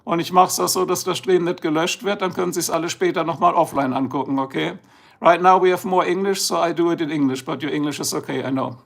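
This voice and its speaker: A man's voice: on the high side, fairly even intonation, fast, gravelly, fairly bright tone. A middle-aged man with a German accent, chatting casually and rambling on a livestream, just woken up. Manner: chatty, rambling, switches between English and German. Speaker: livestream host.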